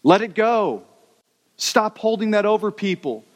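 Animated male preacher in a reverberant hall. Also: sits high, a little slow. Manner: animated, conversational preaching that acts out stories. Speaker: pastor. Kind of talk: sermon.

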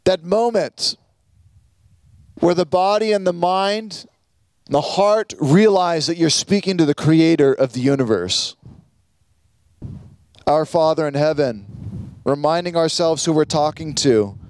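A man preaching a sermon as pastor, teaching earnestly with quoted prayers and pauses. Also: fairly high pitch, a little mellow, no echo.

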